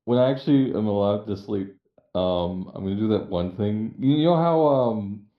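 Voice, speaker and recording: A man's voice: lowish voice, expressive, moderate pace. A man playing a tabletop role-playing game, hesitant and stammering as he describes his moves. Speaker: player. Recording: echoey, dull lo-fi mic.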